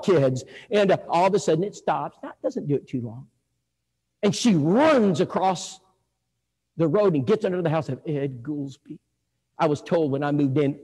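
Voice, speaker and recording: A male preacher telling stories in a sermon, animated, moving between loud and hushed. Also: high-pitched, moderate pace, husky. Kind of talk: storytelling sermon. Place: church hall. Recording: echoey hall.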